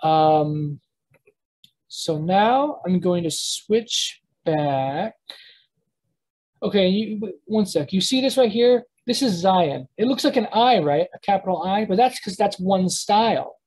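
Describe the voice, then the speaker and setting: Slow, husky teacher explaining step by step. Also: mid-range voice, animated, a little mellow. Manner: explanatory, halting, with frequent restarts and checks. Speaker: language teacher. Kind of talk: live online lesson with screen sharing.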